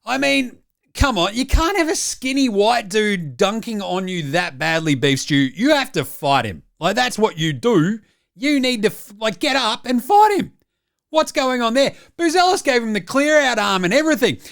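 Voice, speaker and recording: An Australian man hosting comedic sports highlights, with cheeky, mocking banter. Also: very animated, moderate pace, vocal fry, fairly bright tone. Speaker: host.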